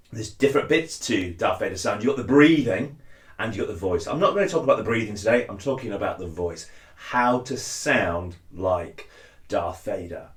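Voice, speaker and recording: A man hosting a casual cosplay tutorial, friendly and self-effacing, with frequent "uh" fillers and restarts. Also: lowish voice. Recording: roomy echo.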